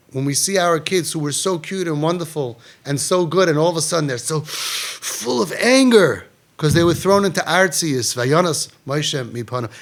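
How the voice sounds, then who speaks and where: A man giving an emphatic Torah talk, swinging between loud, dramatic lines and hushed ones. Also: a little high. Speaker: Jewish inspirational speaker.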